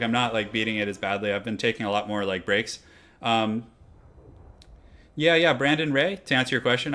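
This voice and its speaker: A man's voice: on the low side, pushed and bright, a little hiss or hum. A young man casually chatting through a live stream while setting up a strategy game battle, rambling with lots of fillers. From half Irish heritage.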